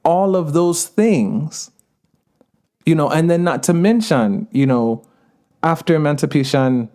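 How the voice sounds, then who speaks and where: A man's voice: on the high side, animated, measured pace, mellow. A man with a light Jamaican accent, speaking as a podcast guest in a casual, earnest, emphatic conversation with frequent laughs. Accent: Jamaican-tinged. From United States.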